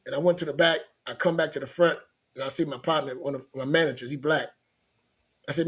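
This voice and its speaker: This middle-aged man from Louisiana, United States, recounts his life story as a motivational coach, casually and conversationally, with repetitions and restarts. He speaks a little high at a quick pace, with a breathy edge.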